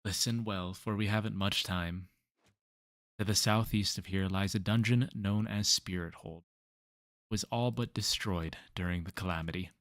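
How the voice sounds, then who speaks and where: A man's voice: low voice, steady tone, moderate pace, fairly bright tone, dry recording, studio quality. A man reading an urgent male quest giver's lines aloud from a game.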